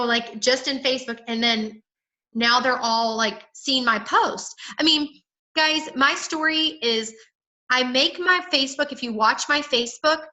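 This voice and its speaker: A woman coaches her sales team by phone, her high-pitched voice bright and forceful despite the rough recording. Chatty and emphatic, she often plays out the words she'd say to people.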